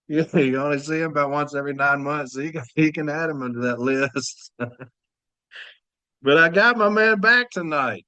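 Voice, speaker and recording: A man's voice: fairly high pitch, normal speed, sharp tone, no echo. A man hosting a podcast in a casual, chatty way, telling stories to his listeners and laughing easily. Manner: laid-back, laughing storyteller, addresses audience as y'all. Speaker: podcast host. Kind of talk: casual chat.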